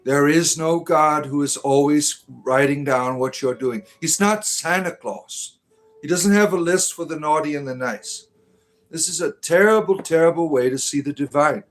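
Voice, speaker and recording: A man's voice: on the high side, normal speed, soft background music. A man hosting a livestream, reading chat aloud and answering with crude, sarcastic humor and preachy rants.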